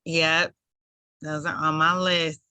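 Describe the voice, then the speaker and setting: A woman hosts a mentorship session over a video call. Her voice is lowish yet bright and forceful. It sounds dry and close, and she laughs often and cheers her guest on. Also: flat delivery, slow, smooth, dry recording. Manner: enthusiastic, laughs often, repeats "love it". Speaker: host of the mentorship program. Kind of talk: casual chat with guest.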